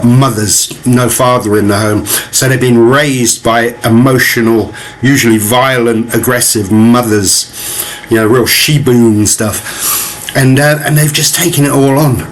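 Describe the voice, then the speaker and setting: A man's voice: mid-range voice, slight background noise. A man giving ranting, profane commentary as he reacts to video clips, with mocking laughs.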